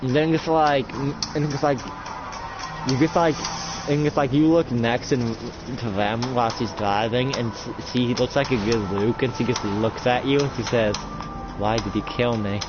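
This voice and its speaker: A man's voice: medium pitch, fairly even intonation, moderate pace, muffled recording, music in the background. A man narrating a casual role-play as game master, rambling with lots of filler words.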